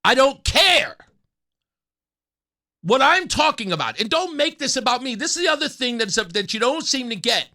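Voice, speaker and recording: A man's voice: extremely high pitch, big pitch swings, a little fast, hardly any pauses, bright, forceful tone. A middle-aged man hosting a talk radio show, delivering an opinionated monologue and mocking opponents with put-on whiny voices.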